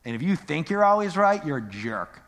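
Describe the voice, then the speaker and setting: A man's voice: on the high side, big pitch swings, brisk, a bit bright, a little hiss or hum. A middle-aged man preaching a sermon in a casual, joking way, full of questions to the congregation. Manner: conversational, joking, rhetorical questions. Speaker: pastor. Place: church hall. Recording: echoey church hall.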